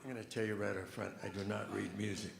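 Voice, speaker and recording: A man doing rambling stand-up comedy with a deadpan delivery, recorded live on stage. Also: on the low side, fast talker, vocal fry, very noisy. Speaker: comedian and pianist. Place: large event hall on stage. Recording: echoey hall, live stage mic.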